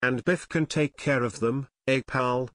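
A man's voice: mid-range voice, a little slow, a bit bright, no room sound, studio quality, natural voice. A man doing a jokey food-loving teenage boy. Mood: joking. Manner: joking and easygoing.

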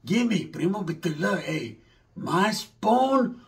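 A man's voice: sits high, sing-song, slow, creaky. A man doing a rambling, slangy comedy monologue, mixing in Spanish words.

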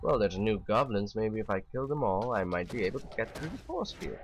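A man's voice: lowish voice, very animated, brisk, slight background noise. A man casually commentating a video game playthrough, joking and talking back to the characters. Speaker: gamer commentating his playthrough. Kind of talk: casual let's play commentary.

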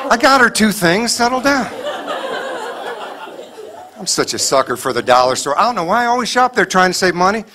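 A man performing a stand-up comedy set to a live audience, punchy and loud, acting out little bits of dialogue. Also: high-pitched, big pitch swings, a little fast, long pauses. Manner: loud, punchy delivery with voiced bits and asides. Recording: live show with crowd noise. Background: audience laughter.

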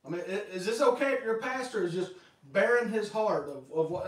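High-voiced pastor preaching in an echoey hall. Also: male voice, recorded from a distance. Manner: lively, animated storytelling with acted-out quotes. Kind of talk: sermon.

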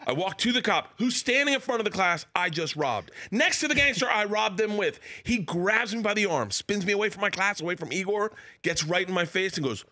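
Brief: comedian guest from Florida, forties, male; bright, animated storyteller who jumps into characters' voices; dry studio sound. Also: brisk, hardly any pauses, dry recording. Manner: acts out characters with wild pitch jumps and laughter.

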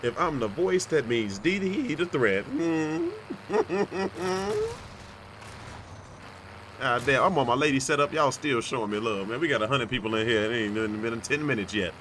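A man's voice: medium pitch, fast, hardly any pauses, fairly bright tone, slight background noise. A man streaming a shooter game, teasing his teammates playfully with old-school slang. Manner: playful, teasing, full of retro slang and laughter. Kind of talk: casual gaming commentary.

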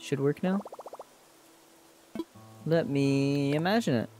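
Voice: mid-range voice, slow pace, mellow, soft background music. A streamer giving casual gameplay commentary, joking crudely and playfully.

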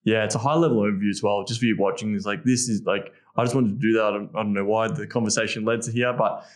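A man's voice: lowish voice, fairly even intonation, fast talker. A man in casual podcast talk as a dating coach, blunt and profane, acting out his own lines.

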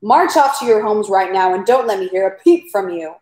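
A woman's voice: lively intonation, a little fast, lightly acted. A woman voicing a hot-tempered young male officer, raising her voice to bark orders in a roomy echo. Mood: commanding. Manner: shouting orders, raised and higher than her reading voice.

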